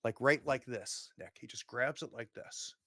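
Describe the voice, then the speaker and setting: A man's voice: medium pitch, pushed and bright, dry recording, studio quality. A man acting as game master, narrating a tabletop horror game in a descriptive way and acting out the characters' gestures. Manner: unhurried, descriptive, acts out gestures.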